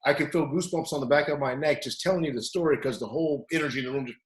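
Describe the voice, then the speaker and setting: A man, a wrestling coach, telling stories in casual chat and loudly acting out what people said. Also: mid-range voice, very fast. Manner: animated, acts out quotes loudly. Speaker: wrestling coach, podcast co-host. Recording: echoey room.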